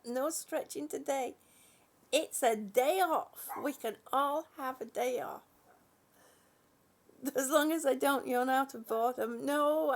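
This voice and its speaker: A woman with a high, gravelly voice hosts a casual livestream from her home. She greets her viewers one by one, yawns now and then and laughs easily as she loses her place in what she was saying. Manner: chatty, warm greetings, yawning, laughing, losing her train of thought. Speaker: livestream host. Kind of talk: casual live chat with viewers.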